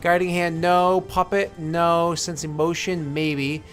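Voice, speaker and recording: Male streamer, slightly high voice, rambling jokey chatter, faint music behind. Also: level tone, slow, a bit bright. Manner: rambling, joking, swears and mutters asides. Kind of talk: casual livestream chat.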